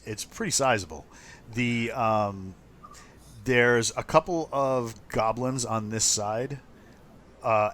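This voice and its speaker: A man's voice: lowish voice, slight background noise. A man narrating as game master for a tabletop game, talking loosely with many ums and uhs. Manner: relaxed, full of ums and uhs.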